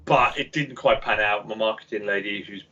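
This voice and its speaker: A man, a games company founder, talking as a guest in a casual podcast interview over a video call, an animated storyteller who acts out voices. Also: lowish voice, moderate pace, a little hiss or hum. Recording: dull lo-fi video call audio.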